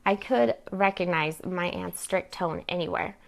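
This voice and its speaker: A woman reading her own novel aloud at a live event, narrating in first person with measured pacing. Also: on the low side, gravelly. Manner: measured, plain narration with occasional slips.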